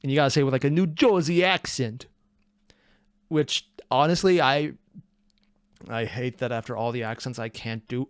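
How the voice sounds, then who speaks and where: Reaction host, man, wry and chatty, dry close sound, mid pitch. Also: expressive, brisk, dry recording. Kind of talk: casual reaction commentary.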